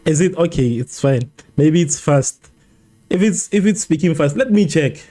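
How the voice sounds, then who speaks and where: A livestream host runs a live football watchalong in a slightly high yet soft, mellow voice, speaking expressively at normal speed. Exasperated and fretting over the game, he circles back to the same complaints again and again and argues with viewers in the chat.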